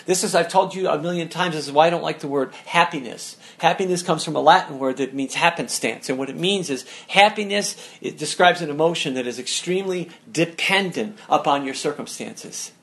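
Emphatic gravelly-voiced male preacher. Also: a little high, fairly quick, few pauses, fairly bright tone. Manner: emphatic, repeats and restarts words. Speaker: pastor. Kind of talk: sermon.

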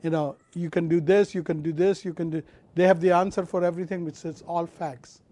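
Impassioned high-voiced male preacher. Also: steady tone. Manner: impassioned, swinging from loud emphatic to quiet low; repeats phrases, draws out key words slowly. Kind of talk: sermon.

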